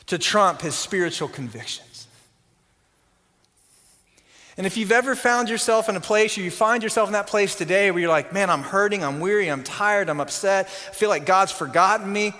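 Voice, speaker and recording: Pastor, male, high bright voice, fervent sermon delivery, long reverb of a big hall. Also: brisk, few pauses. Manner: impassioned, builds to loud emphatic peaks then drops quiet.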